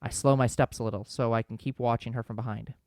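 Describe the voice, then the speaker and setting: A man's voice: mid-range voice, no echo, clean studio sound. A man hosting a let's play, reading a visual novel's narration aloud with small slips. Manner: quick, steady storybook reading with small slips.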